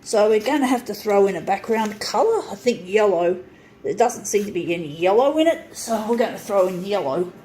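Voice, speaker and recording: A southern-hemisphere woman delivers a casual, angry rant to her vlog camera at home in her small unit, full of swearing and stop-start restarts. She speaks a little fast in an expressive, mid-range voice with a dark tone, and there's slight background noise.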